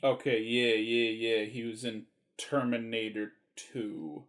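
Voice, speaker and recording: A man's voice: medium pitch, flat delivery, slow pace, a bit bright. A man chatting casually about a movie, rambling and enthusiastic and swearing freely. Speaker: movie reviewer. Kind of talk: casual movie review chat.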